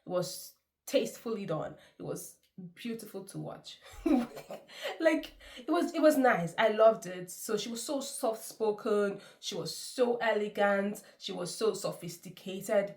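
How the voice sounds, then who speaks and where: A woman's voice: medium pitch, lively intonation, measured pace. A woman giving a chatty, effusive film review, laughing often. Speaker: movie reviewer. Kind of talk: casual movie review.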